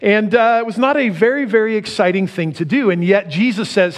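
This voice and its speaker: Middle-aged guy preaching, slightly high voice, lively, laughs a lot, goes loud then soft. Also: quick pace, few pauses. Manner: animated, laughs often, swings loud to soft. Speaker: pastor. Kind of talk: sermon.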